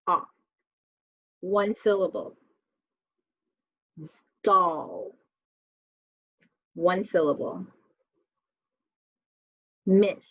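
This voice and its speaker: A woman's voice: fairly low pitch, a little mellow, no room sound, highs cut off. A woman teacher giving a spelling lesson to children, reading words aloud one by one and asking the class questions. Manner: slow, clear word-by-word reading with questions to students.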